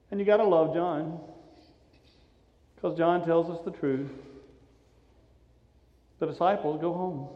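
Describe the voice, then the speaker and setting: High-voiced preacher in an echoing hall. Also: male voice, steady tone, slow, pauses often. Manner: dramatic storytelling, swings from loud urgency to hushed softness. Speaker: pastor. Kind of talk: sermon. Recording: echoey hall, dull lo-fi sound.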